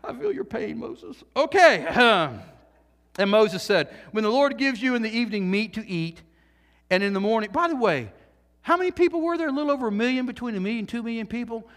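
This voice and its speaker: High-voiced preaching man in a reverberant hall. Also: fairly quick. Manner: animated preaching, swinging from loud to hushed; jokey asides to the congregation. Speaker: pastor. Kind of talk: sermon. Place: church sanctuary.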